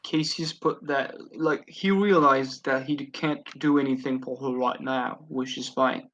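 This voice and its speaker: A man's voice: mid-range voice, fairly even intonation, unhurried, fairly bright tone, dull audio. A man playing a tabletop role-playing game, bantering in character with playful swearing and stumbling restarts. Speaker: tabletop player.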